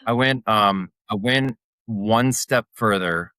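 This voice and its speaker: A man chiming in on a book-club podcast, relaxed and casual as he adds details. His voice is low. The recording is close and dry. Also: slow pace, clean tone, no echo.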